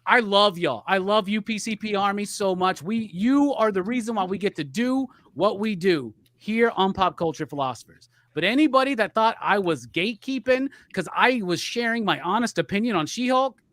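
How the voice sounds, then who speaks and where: A man's voice: sits high, a bit bright, no room sound. Profane, heated man ranting. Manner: profane, heated, rambling rant. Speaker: podcast co-host. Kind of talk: ranting grievances on a live podcast.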